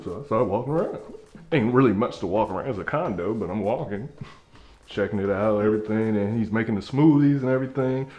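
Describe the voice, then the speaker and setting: A man's voice: lowish voice, quick pace. A man hosting his channel, telling a story in a casual, slangy way and acting out the people in it. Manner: animated, slangy, acts out dialogue.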